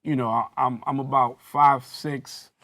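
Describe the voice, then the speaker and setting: A man's voice: mid-range voice, fairly even intonation, measured pace, a bit bright. A man telling a personal story in a panel discussion, acting out the dialogue with rising intensity. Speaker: guest recounting a police interrogation.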